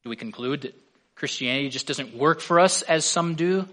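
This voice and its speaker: A man's voice: on the high side, moderate pace, pushed and bright. A man preaching a sermon as a pastor, earnest, with his voice swelling on key words.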